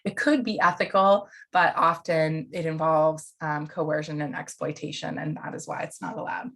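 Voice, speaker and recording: A woman's voice: deep voice, little pitch movement, moderate pace, fairly bright tone. Woman giving a casual online lecture. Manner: casual, conversational, with fillers and asides. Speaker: counselor educator.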